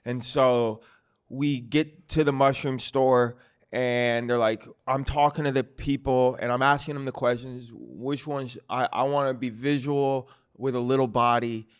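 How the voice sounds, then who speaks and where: A man, a guest comedian, telling stories in a casual, animated and profane way on a podcast. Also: mid-range voice, unhurried, clear, resonant tone. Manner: animated, profane storyteller acting out quotes. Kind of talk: casual storytelling. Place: podcast studio.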